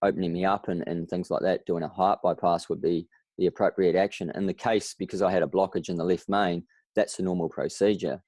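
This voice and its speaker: A New Zealand man with a deep, low-pitched voice talks as a guest on a podcast. He tells his story in an animated way, acting out other people's lines as he goes. The sound is dry and close. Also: fairly quick, no echo. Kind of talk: casual interview.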